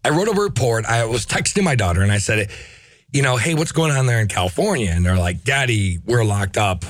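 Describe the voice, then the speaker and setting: A middle-aged man hosts a casual podcast, ranting in a profane, animated way. His pitch leaps up and down expressively. The sound is dry and close, with no room echo. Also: fairly quick. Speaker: podcast host. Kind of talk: casual opinionated chat.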